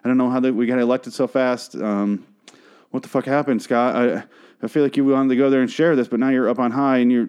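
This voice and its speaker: A man's voice: medium pitch, fairly even intonation, brisk, darkish tone, clear, resonant tone. Profane, exasperated male podcast host. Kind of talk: comedic rant reacting to song lyrics.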